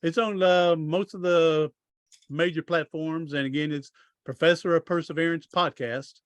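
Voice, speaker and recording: A man's voice: fairly high pitch, steady tone, normal speed, smooth, dry recording. A middle-aged man, a podcast guest telling long stories in a rambling, folksy way, often restarting his sentences. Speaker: podcast guest, author and speaker. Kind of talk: casual storytelling interview.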